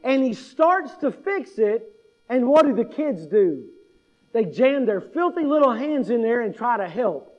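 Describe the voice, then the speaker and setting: A man's voice: very high voice, sing-song, measured pace, dull audio. A male pastor preaching conversationally, posing questions to the congregation and telling humorous everyday stories. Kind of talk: sermon.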